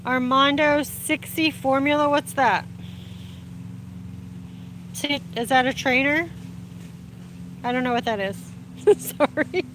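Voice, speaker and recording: A woman's voice: high-pitched, takes it slowly, long pauses, slight background noise. A woman, hosting a casual livestream outdoors, chatting with viewers over her phone and laughing often. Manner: chatty, warm greetings, frequent laughs. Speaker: livestream host reading viewer comments. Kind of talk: casual live chat. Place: outdoors in sunlight.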